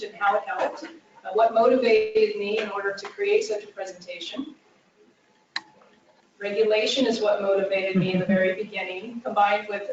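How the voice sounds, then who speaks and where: A woman giving a phone-skills training presentation in an earnest way, with frequent "uh" and "um" fillers. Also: medium pitch. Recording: echoey room from far off, dull and faintly noisy.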